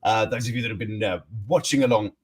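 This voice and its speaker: A man's voice: on the low side, fast, husky. A man hosting a casual news stream, rambling with many fillers and restarts. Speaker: host. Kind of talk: casual live-stream chat.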